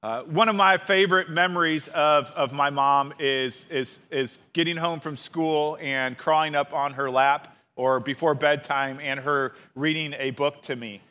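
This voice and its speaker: A man's voice: on the high side, fairly even intonation, a little slow, few pauses, sharp tone, smooth. A male pastor giving a sermon in a conversational, storytelling way, with asides to the congregation.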